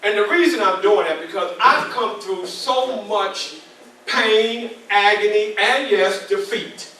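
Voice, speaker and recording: 60s guy motivational speaker, preachy and repeats himself, high bright voice, mic kinda far off. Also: slow, slight background noise. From New York. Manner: preacher-like, repetitive, addresses audience directly. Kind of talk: motivational speech. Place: club meeting hall. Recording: echoey hall, mic at a distance.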